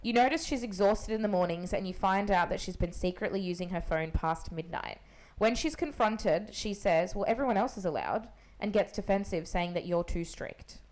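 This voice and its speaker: A young adult woman co-hosting a casual podcast chat, calm and explanatory, often agreeing. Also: mid-range voice, moderate pace. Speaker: podcast co-host.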